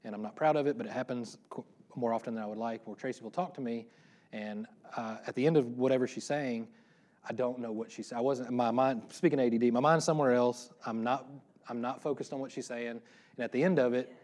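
A middle-aged pastor preaching a casual sermon, talking quickly with joking asides about himself. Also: male voice, mid-range voice, fairly even intonation, darkish tone. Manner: fast-talking, self-deprecating, joking asides.

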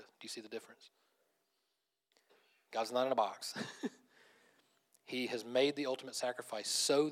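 A man preaching a conversational sermon as pastor, animated, laughing often and restarting phrases. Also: medium pitch.

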